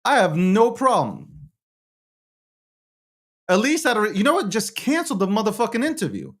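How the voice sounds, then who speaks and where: A man's voice: high voice, huge pitch swings, normal speed. A man hosting and producing a live show, talking in a heated, repetitive way with heavy swearing.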